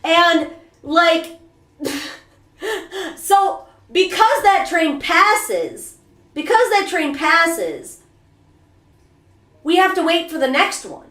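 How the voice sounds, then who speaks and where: High-voiced woman telling a rambling story. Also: very slow, long pauses, echoey room. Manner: animated, rambling, self-mocking. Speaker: VTuber streamer. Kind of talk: casual storytelling to stream chat. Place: bathroom during a bath.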